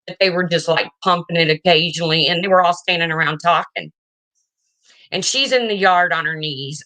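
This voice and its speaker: A woman's voice: lowish voice, bright, forceful tone. A woman vlogger telling a personal story in a frank, emotional way, swearing casually and often checking in with "okay?".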